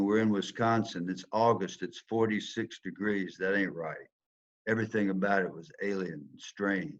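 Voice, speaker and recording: An older man with a Southern accent tells a personal story, swinging between loud bursts and hushed asides like a dramatic storyteller. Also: fairly low pitch, dull audio. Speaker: speaker telling a personal story. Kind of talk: storytelling talk.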